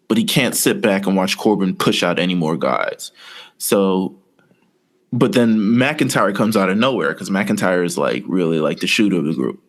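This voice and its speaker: A man with a fairly low voice talks through his ideas in a loose, rambling way. He slips into quick quoted lines and keeps the chat casual, like a podcast co-host walking a friend through his plan. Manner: rambling, storytelling with quoted asides.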